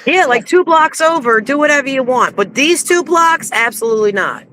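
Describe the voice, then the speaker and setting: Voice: high voice, lively intonation, normal speed, sharp tone. A co-host in casual chat, chiming in with short agreements and opinions.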